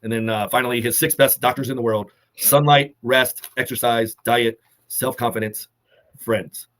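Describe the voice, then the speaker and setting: A man co-hosting a fitness talk, delivering earnest, measured motivational advice and holding back emotion. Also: medium pitch, fairly even intonation, fairly bright tone. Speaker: co-host of a fitness summit talk.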